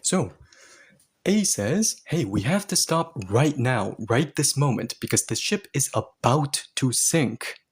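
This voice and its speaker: A husky-voiced man leads a language lesson at an even, middle pitch. He explains the grammar patiently and step by step. Now and then he adds a playful aside. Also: slow. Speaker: Korean language teacher.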